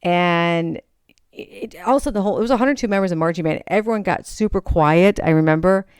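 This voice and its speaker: A young woman hosts a podcast and tells a long personal story, jumping into the voices of the people she quotes. Her voice is smooth and a little low. The sound is close and dry, with no room in it. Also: a little fast, no room sound. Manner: animated, acts out quoted voices. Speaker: podcast host. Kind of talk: storytelling monologue.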